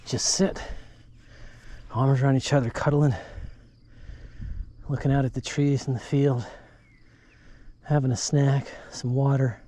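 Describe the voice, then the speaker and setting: A man's voice: medium pitch, level tone, a little slow, long pauses, warm tone, a little hiss or hum. A man talking candidly and reflectively into a handheld phone on an outdoor nature trail, spurring himself on as he walks and jogs. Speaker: bereaved father vlogging. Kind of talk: candid walking-and-jogging vlog.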